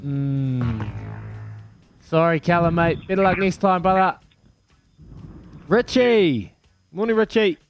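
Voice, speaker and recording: A man with a New Zealand accent hosting a breakfast radio quiz, excitable and matey, laughing often. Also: high-pitched, takes it slowly, long pauses, soft background music. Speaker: radio breakfast show host. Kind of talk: lively radio quiz banter.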